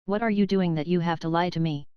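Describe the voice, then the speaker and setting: Brief: furious jealous husband, read by a woman, harsh accusing shouts, lowish voice, very clear. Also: fast talker, no room sound, lo-fi sound, natural voice. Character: angry jealous young husband, a laborer.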